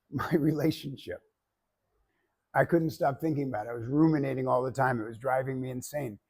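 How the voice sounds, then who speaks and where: A man with a husky, mid-range voice gives a public speaking class a demonstration speech. He stays animated and joking and speaks straight to his listeners. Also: mid-range voice, normal speed. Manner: animated and joking, addressing the audience directly.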